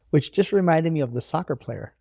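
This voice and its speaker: A woman's voice: sits low, vocal fry, warm tone, no echo, studio quality. A woman co-hosting a podcast in casual chat, playful, chiming in with quips and laughter. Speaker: podcast co-host.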